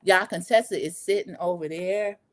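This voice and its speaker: A woman hosting a casual reality show recap, chatty and lively, acting out the quotes she retells. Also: on the low side, moderate pace. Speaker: recap podcast host.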